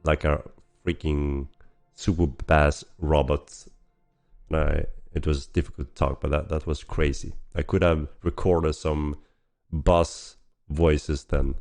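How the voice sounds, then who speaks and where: A man hosting a casual livestream Q&A while hoarse from a cold, with a rough, gravelly voice, coughing and clearing his throat often. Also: a bass voice, flat delivery, extremely slow, long pauses, a little mellow. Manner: chatty, frequent throat clearing and laughs. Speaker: game developer hosting a weekly stream.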